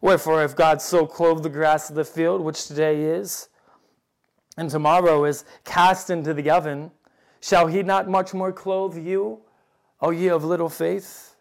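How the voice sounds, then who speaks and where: A man preaching a sermon, quoting old scripture wording and building to loud, emphatic appeals to his listeners. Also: a little high, level tone, a little slow, vocal fry.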